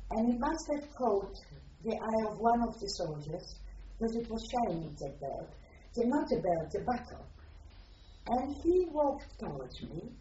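An older woman from Poland, giving personal testimony in a reflective, halting way as she searches for words. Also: on the high side, mellow, slight background noise. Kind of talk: personal testimony, recalled aloud. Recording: distant roomy lo-fi recording.

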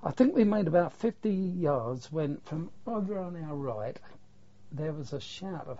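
An older war veteran, interviewed for an oral history, recalls his wartime memories in plain, earthy language with a bit of mild swearing. His voice is slightly high and mellow, with a lively intonation and an unhurried pace. The recording sounds dull and lo-fi.

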